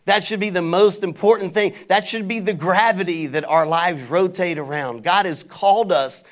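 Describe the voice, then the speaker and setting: A pastor preaching a sermon, telling stories and calling on the congregation to answer back. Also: male voice, high voice, moderate pace. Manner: animated preaching with call-and-response to the congregation; conversational storytelling.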